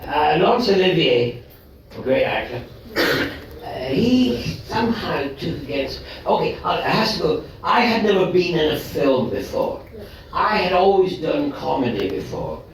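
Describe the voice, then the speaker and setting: A man's voice: fairly high pitch, measured pace. Older man telling stage anecdotes in an echoey hall. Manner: animated, chuckling, self-interrupting storyteller. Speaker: guest actor telling stories on stage. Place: live event venue with audience. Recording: very echoey live room from far off, faint noise.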